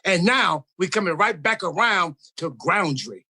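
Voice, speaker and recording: A man's voice: high voice, animated, unhurried, bright, forceful tone, breathy edge, rough recording. A man guest on a casual podcast chat, talking in a rambling, slangy, mock-philosophical way.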